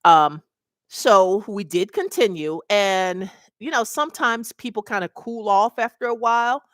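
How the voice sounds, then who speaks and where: Animated woman telling a work story to webcam. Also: mid-range voice, measured pace, no echo, clean studio sound. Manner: animated, acts out the people in her story. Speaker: mobile notary mentor. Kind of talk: casual storytelling vlog.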